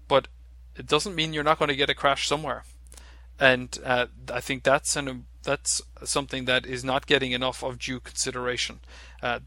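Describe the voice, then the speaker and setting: A man giving unscripted market commentary, speaking in a halting way with many fillers and restarts. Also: medium pitch, pushed and bright, dry recording. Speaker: market analyst.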